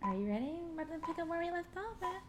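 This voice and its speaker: A woman's voice: very high voice, very animated, rapid-fire, very noisy. A woman co-hosting a podcast at a friend's house, chatting casually with playful, joking banter. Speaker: podcast co-host. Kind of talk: casual chat.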